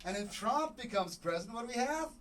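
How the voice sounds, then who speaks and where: A man doing a stand-up comedy set on a club stage, rambling and joking, acting out little scenes with sudden shouts. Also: extremely high pitch, lively intonation, fast, a crowd in the background.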